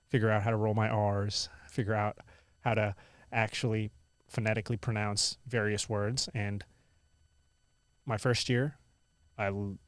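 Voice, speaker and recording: Animated young man, lots of "like". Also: on the low side, dry recording. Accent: American. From India. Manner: animated, lots of "like" and "I was like" quotes. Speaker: guest. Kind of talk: casual interview storytelling.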